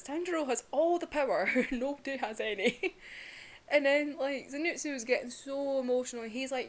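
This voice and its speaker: A woman's voice: high-pitched, normal speed. A young woman giving a casual, emotional review of a manga, chatty, full of "like" and the odd swear word.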